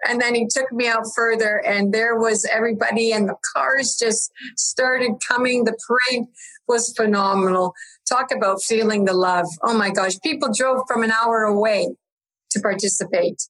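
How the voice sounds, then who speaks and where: A woman's voice: a little high, fairly even intonation, moderate pace, fairly bright tone, low-quality recording. A woman chatting as a guest, upbeat, laughing often and acting out the dialogue in her stories. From Canada. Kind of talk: casual chat.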